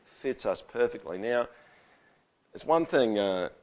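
A man preaching a sermon to a congregation in a conversational style, turning animated as he acts out quotes. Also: on the low side, takes it slowly. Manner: conversational, animated when quoting. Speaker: pastor.

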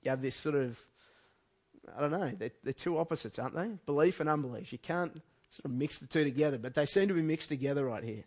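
A man's voice: fairly high pitch, fast. A man preaching a sermon in a conversational way, often restarting his sentences. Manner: conversational, with frequent restarts and fillers.

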